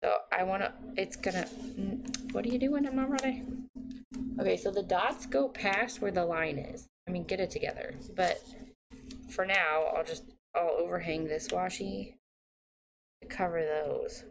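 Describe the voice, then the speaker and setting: A woman in her thirties from the United States with a low, gravelly voice chats her way through decorating a planner, half talking to herself with a dry, sarcastic edge. A steady hiss of noise sits under the recording. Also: measured pace. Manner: chatty, self-talking, mildly sarcastic. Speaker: planner vlogger. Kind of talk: casual plan-with-me narration. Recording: noisy home recording.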